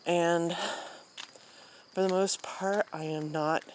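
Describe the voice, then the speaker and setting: A woman's voice: on the low side, steady tone, takes it slowly, a little mellow, slight background noise. A woman talking casually while walking outdoors at night, rambling with many fillers and sighs. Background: crickets and insects.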